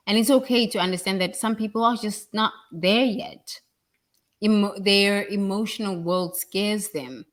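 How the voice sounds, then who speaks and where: A woman giving a blunt, emphatic spiritual talk, with sudden loud bursts. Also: medium pitch. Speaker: spiritual speaker.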